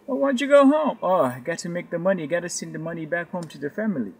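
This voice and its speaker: Weary Nigerian man behind the wheel, high and tired, done by a man as an impression. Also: lively intonation, fast, gravelly, husky, heavily acted. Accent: Nigerian (imitated). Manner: weary, earnest. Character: tired Nigerian male rideshare driver.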